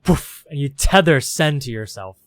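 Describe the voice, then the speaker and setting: Guy gm narrating his homebrew game, mid-pitched voice, just keeps chaining clauses with "as" and "you see". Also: expressive, moderate pace, a bit bright, no room sound. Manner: run-on storytelling, strings clauses with "as". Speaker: game master.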